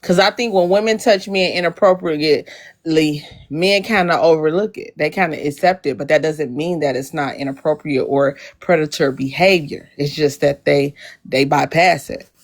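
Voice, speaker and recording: A woman joining a casual livestream as a guest, giggly and halting, with many fillers. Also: low voice. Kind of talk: casual chat.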